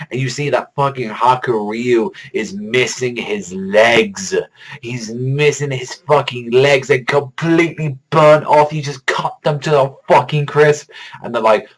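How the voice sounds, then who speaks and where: A man hosting a manga reaction video in excitable, rambling casual commentary, swearing a lot and stacking fillers. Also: medium pitch, normal speed, poor audio. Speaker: manga reaction channel host.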